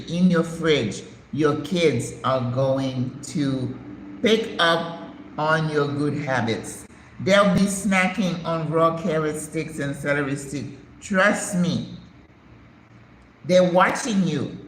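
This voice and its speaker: Emphatic older woman in echoey room. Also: deep voice. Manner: emphatic, storytelling, preachy asides. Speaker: retired nurse practitioner, channel host. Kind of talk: casual live-stream chat. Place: home in Panama. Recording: echoey room with faint background noise.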